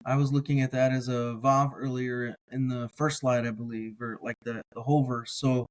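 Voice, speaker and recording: A man teaching a slow word-by-word reading lesson, sounding out each syllable carefully and adding casual asides. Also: medium pitch, little pitch movement, darkish tone, low-quality recording. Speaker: biblical language teacher.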